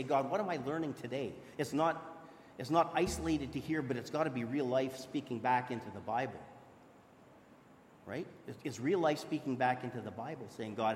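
A man's voice: medium pitch, a little hiss or hum. A man preaching a sermon in a church, earnest and conversational, often restarting his sentences. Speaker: pastor. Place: church hall. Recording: echoey hall with long reverb.

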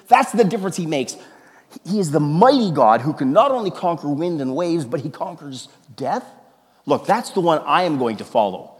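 A man preaching a sermon as a pastor, animated and emphatic, stumbling into restarts and breaking into sudden loud exclamations. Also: a little high, moderate pace. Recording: long reverb of a large hall.

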